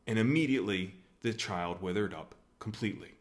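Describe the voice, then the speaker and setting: A man from the USA giving a humorous talk on scripture at a church, telling the story in a wry, animated way. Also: lowish voice, moderate pace. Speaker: church speaker.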